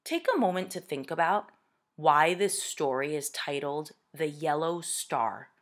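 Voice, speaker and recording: Slow, low-voiced woman reading aloud. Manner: slow, expressive, deliberate. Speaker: teacher reading to students. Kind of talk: reading a picture book aloud.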